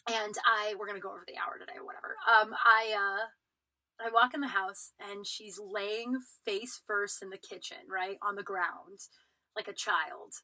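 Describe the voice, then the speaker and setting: A young woman spills a messy personal story on her podcast, swearing freely and voicing the other people in it. Her tone is piercingly bright, and the recording is dry and close with no room sound. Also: mid-range voice, a little slow, no room sound, rough recording. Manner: animated retelling, acts out quotes, frequent "like" fillers, swears freely. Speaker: podcast host. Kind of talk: casual storytelling monologue.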